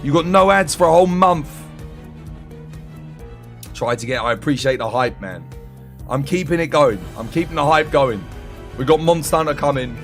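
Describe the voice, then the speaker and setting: This man's slightly high voice is fading as he talks casually with his live-stream audience after eighteen hours on air. Tired, he stretches out his jokes and his thank-yous to viewers by name.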